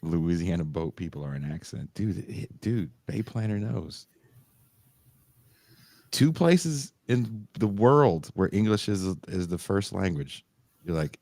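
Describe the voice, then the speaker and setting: A deep-voiced man co-hosts a casual podcast, his pitch leaping around as he tells stories and mimics people. The sound is dry and close, with no room around it. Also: takes it slowly, no echo. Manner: animated storytelling, mocking voices and laughing. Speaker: podcast co-host. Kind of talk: casual chat.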